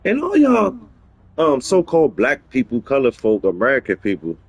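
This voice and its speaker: A middle-aged man hosting a gaming livestream in casual street slang. He rambles and repeats himself for emphasis, jumping into high-pitched voices when he quotes people. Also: normal speed, breathy edge, no room sound. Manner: rambling and opinionated, slips into animated high-pitched quoting of others.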